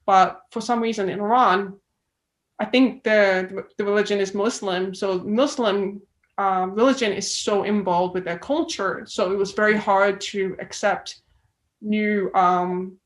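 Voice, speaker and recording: A woman's voice: medium pitch, fairly even intonation, measured pace, low-quality recording. A woman with an Australian accent, a filmmaker guest chatting casually and acting out the reactions she quotes. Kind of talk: casual interview chat.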